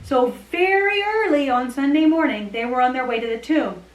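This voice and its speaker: Woman, children's church teacher, high lively voice, kids' Bible story, echoey room. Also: normal speed.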